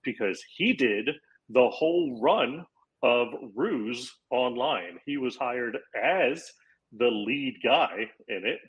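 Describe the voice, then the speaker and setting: A man's voice: mid-range voice, slow pace, husky, muffled recording. A man in his forties from Florida, a comedian guest on a podcast, telling a long anecdote and acting out quotes in casual chat. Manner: animated anecdote-telling with acted-out quotes and laughs.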